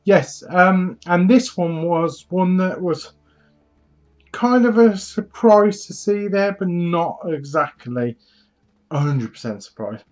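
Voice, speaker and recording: A man's voice: sits high, lively intonation, slow, a little mellow, dull audio, soft background music. A man hosting a gaming channel, casually recapping a trailer in a chatty, rambling way full of fillers.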